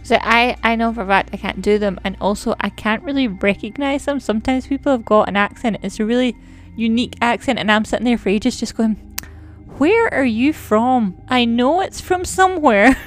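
A woman with a slightly high voice talks fast over faint background music. Co-hosting a casual podcast, she chats about a TV series playfully, teasing and laughing often.

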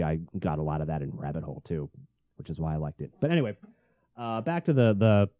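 A man's voice: sits low, warm tone, dry recording, studio quality. A young man hosting a solo podcast late at night, rambling and venting with a lot of swearing. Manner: profane, rambling, venting frustration. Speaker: podcast host.

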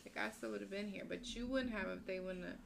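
Gravelly-voiced woman in casual chat. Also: mid-range voice, fast talker. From United States. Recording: noisy room recording.

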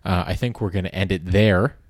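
A man talks through a loose, comedic podcast monologue, rambling from one gripe to the next with a sardonic edge and plenty of swearing. His voice sits fairly low. The sound is dry and close, with no room around it. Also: fairly even intonation, brisk, no room sound. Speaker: podcast host.

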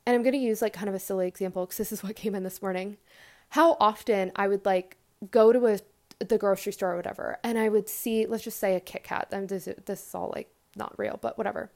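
A young woman hosting a podcast, talking earnestly in a rambling casual monologue full of fillers and restarts, with animated quoted asides. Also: medium pitch. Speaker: podcast host.

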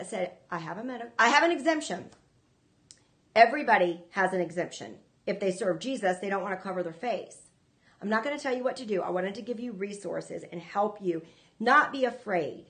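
A woman's voice: mid-range voice, fairly bright tone. A woman hosting a ministry show, preaching to viewers in an earnest, emphatic way, often repeating herself. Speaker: ministry host.

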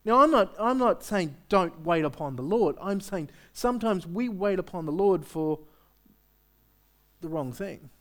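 A pastor preaches to his congregation in a conversational way, throwing out rhetorical questions. His pitch swings freely up and down and stays lively throughout. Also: unhurried. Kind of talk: sermon.

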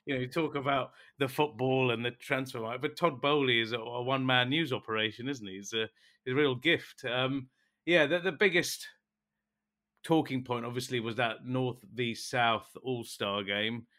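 A man's voice: mid-range voice, steady tone, normal speed, sharp tone. A man co-hosting a casual sports chat, teasing and chatty in his banter. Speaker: sports show co-host.

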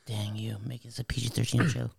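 Gravelly-voiced joking male co-host. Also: on the low side, little pitch movement, fast talker, crowd noise. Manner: joking, self-mocking banter. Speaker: podcast co-host. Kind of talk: casual podcast chat.

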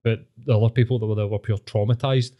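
Scottish male co-host, casual and blunt, swears a lot, warm mellow tone. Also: lowish voice, fairly even intonation, fast talker, dull audio. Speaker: podcast co-host. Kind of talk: casual podcast chat.

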